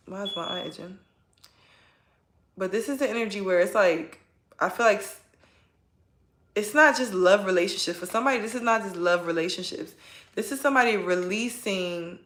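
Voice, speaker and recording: A woman's voice: fairly low pitch, a bit bright, reverberant. A woman giving a casual spoken tarot reading, chatty and rambling, often tagging her points with a question. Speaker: tarot reader.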